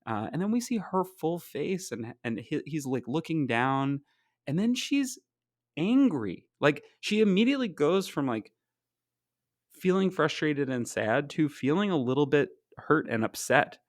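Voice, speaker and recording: A man's voice: a little high, very animated, a little slow, dry recording, clean studio sound. Enthusiastic rambling male podcast co-host. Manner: enthusiastic, rambling with many fillers. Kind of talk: casual podcast chat about comics.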